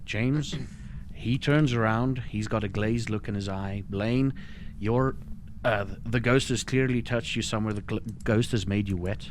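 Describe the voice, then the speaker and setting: A South African man runs a tabletop game as storyteller, his voice sitting a little low. He jokes and teases the players as he narrates. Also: a little slow, slight background noise. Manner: joking, teasing the players. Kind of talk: running a tabletop role-playing game.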